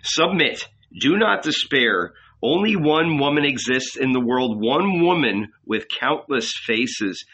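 A gentle consoling male angel, read by a man. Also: mid-range voice, expressive, slow, few pauses, husky, exaggerated voice. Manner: soothing, coaxing, quietly persuasive.

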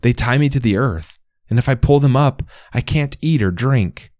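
A man's voice: mid-range voice, animated, normal speed, a little mellow, no echo, clean studio sound, voice pushed up, lightly acted. A man voicing a timid, eager young male basil plant in a storybook reading, pleading and apologetic. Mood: earnest.

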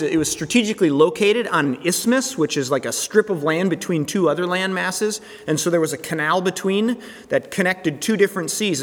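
A man gives a relaxed, chatty sermon as pastor, his voice sitting a little high. He talks casually, often stopping and restarting his phrases. A long reverb trails behind every word. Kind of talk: conversational sermon.

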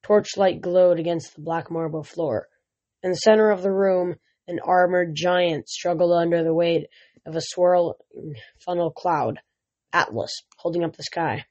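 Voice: medium pitch, steady tone, a little slow, darkish tone. A reader narrating a fantasy novel aloud at home, stumbling and restarting words often, in a dull lo-fi recording. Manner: reads with frequent slips and restarts. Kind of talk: amateur audiobook reading.

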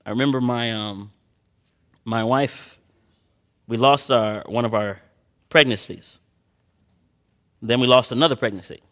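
Bright-voiced preacher man, loud then hushed. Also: mid-range voice. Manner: swings from loud emphatic preaching to quiet personal asides; slow drawn-out Bible reading. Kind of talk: sermon.

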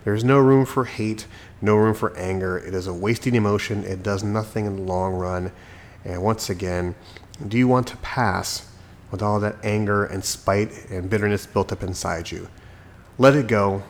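A man's voice: on the low side, normal speed. A sick man hosting his own podcast, talking alone into a microphone in a chatty, preachy, self-mocking way. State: sick, recovering from illness. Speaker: podcast host. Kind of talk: solo podcast monologue. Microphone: desk microphone.

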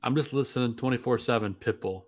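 A man's voice: medium pitch, fast talker, a little mellow. A man guesting on a casual sports podcast, laid-back and wisecracking.

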